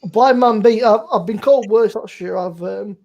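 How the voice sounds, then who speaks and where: A man's voice: high-pitched, normal speed, gravelly, darkish tone, lo-fi sound. A young man with a Bristol accent hosting a casual chat over beers, rambling, laid-back and swearing freely. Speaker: podcast host.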